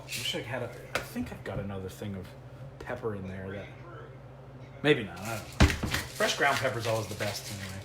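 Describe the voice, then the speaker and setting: A man's voice: lowish voice, animated, a little fast, reverberant, distant mic, heavy background noise. A man from the United States hosting a casual home cooking vlog. He jokes and thinks aloud as he cooks, and drifts away from the mic at times. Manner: chatty and joking, thinking aloud while cooking. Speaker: cooking show host. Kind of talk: casual cooking vlog, talking to live chat. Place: home kitchen, indoors.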